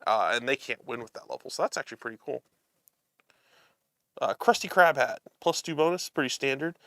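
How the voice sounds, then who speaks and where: A man's voice: mid-range voice, lively intonation, brisk, sharp tone, dry recording, studio quality. A man hosting a live show, chatting casually as he unboxes a card game and reads the cards aloud, amused and chuckling often.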